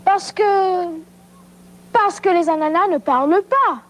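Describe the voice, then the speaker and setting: Woman voicing a puzzled little kid on old TV. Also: very high voice. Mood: wondering. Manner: slow, wondering questions. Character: young child puzzled by a talking pineapple. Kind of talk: 1980s children's TV French lesson.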